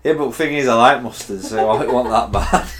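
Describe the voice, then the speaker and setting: A man in casual chat, rambling and halting, full of "like". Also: medium pitch, expressive, noisy background.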